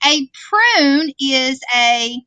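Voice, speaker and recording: A woman's voice: high-pitched, lively intonation, extremely slow, sharp tone, dry recording. A woman teaching a vocabulary lesson, patiently explaining words and checking in with "okay?". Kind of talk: classroom worksheet lesson. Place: classroom screen recording.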